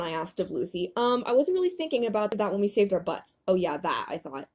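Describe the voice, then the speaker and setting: A woman's voice: fairly low pitch, fairly quick, few pauses, husky. A young woman reading aloud from a novel she wrote as a kid and joking about it as a podcast host. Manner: animated reading, breaking into laughter. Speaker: host reading her old writing. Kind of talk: comedic reading of her childhood novel.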